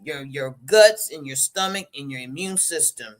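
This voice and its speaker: A woman's voice: low-pitched, normal speed, faint music behind. A woman co-hosting a live-stream podcast, speaking casually and repeating words as she searches for them. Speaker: podcast co-host.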